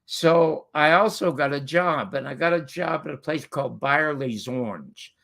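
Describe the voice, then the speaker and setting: Older canadian-born guy, gravelly voice, kinda high, rambling stories with lots of uhs. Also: moderate pace, fairly bright tone. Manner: rambling, many fillers and restarts. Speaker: guest storyteller. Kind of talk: casual anecdotal storytelling.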